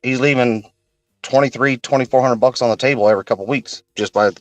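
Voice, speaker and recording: A man's voice: mid-range voice, steady tone, quick pace, no echo, low-quality recording. A man in a casual live chat, telling long, wry, rambling stories. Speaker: participant.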